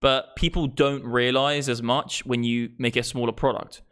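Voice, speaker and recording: A man of about thirty, ranting on a live stream. His voice sits at an ordinary middle pitch, and he talks in a blunt, exasperated way, swearing freely and mocking the ideas he argues against. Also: little pitch movement, moderate pace, a bit bright, smooth. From England. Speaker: crypto streamer.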